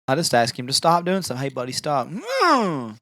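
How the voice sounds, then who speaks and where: A man's voice: a little high, huge pitch swings, brisk, sharp tone, no room sound. A young adult man co-hosting a podcast, chatting casually and trading teasing wisecracks. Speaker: podcast co-host. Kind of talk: casual chat.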